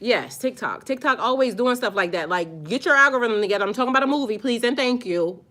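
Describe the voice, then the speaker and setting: Bright-voiced woman ranting on a live stream. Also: a little high, fast talker. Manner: animated, profane, slangy, talks straight to viewers. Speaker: spiritual vlogger live-streaming. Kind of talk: casual live-stream chat.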